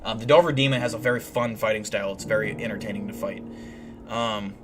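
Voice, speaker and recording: A young man hosting a livestream, telling deadpan, boastful tall tales in a rambling way full of fillers. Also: fairly low pitch, fast talker. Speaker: livestream host. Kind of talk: comedic in-character livestream storytelling.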